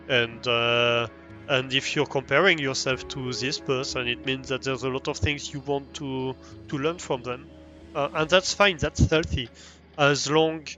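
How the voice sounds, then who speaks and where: A man's voice: medium pitch, sharp tone. A man with a French accent chatting casually while livestreaming a game, rambling with frequent restarts and easy laughs. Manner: rambling, many restarts and ums, laughs easily.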